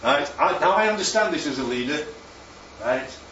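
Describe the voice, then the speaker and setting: A man preaching a sermon, lively and constantly checking in with his listeners by asking "right?" and "yeah?". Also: on the high side, normal speed, slight background noise. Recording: echoey, distant, dull sound with faint ambience.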